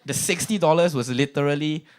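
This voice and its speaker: A man's voice: fairly high pitch, fairly quick. A young man with a Singaporean accent hosting an open mic, chatty and self-mocking. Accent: Singaporean English. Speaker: comedy open mic host. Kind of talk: stand-up comedy.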